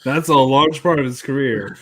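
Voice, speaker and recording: A man's voice: medium pitch, moderate pace, a loud crowd. A man co-hosting a casual podcast chat, joking and crude, often trailing off mid-sentence. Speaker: podcast co-host.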